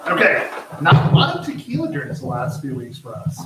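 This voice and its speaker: A man's voice: medium pitch, wildly swooping pitch, normal speed, background noise. A man hosting a live cooking show from his home kitchen, chatting casually in a rambling, self-mocking way. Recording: echoey room, mic far off.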